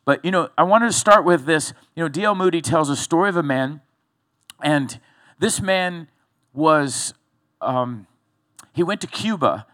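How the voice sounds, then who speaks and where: A male pastor preaching a sermon, telling a story in a loose, conversational way with animated build-ups. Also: fairly high pitch, unhurried, long pauses, no echo, studio quality.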